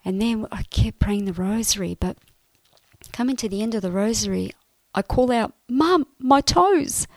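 A woman telling her personal faith testimony in an earnest, emotional way, often dropping to a soft, breathy voice. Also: medium pitch, steady tone, moderate pace, no room sound.

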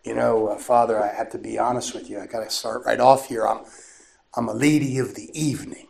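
A man voicing a remorseful woman confessing in church, speaking haltingly and on the edge of tears. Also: mid-range voice, fairly even intonation, gravelly, darkish tone. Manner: hesitant, halting, tearful. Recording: echoey room with faint noise.

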